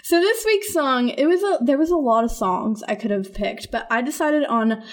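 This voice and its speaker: A woman's voice: high voice, expressive, moderate pace. A woman hosting a podcast, talking casually in an earnest, rambling and encouraging way. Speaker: podcast host.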